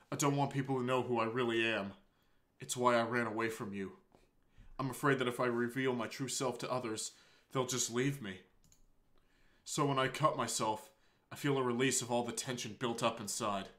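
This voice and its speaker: A man voicing a shy, anguished teenage girl in a tearful, halting confession while reading a visual novel aloud. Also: medium pitch, a bit bright, lightly acted.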